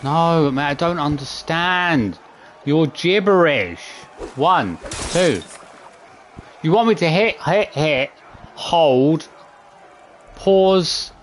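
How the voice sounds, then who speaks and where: A man's voice: a little high, animated, takes it slowly, a little hiss or hum. A man streaming a video game, exasperated, swearing and counting his button presses aloud. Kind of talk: live gameplay commentary.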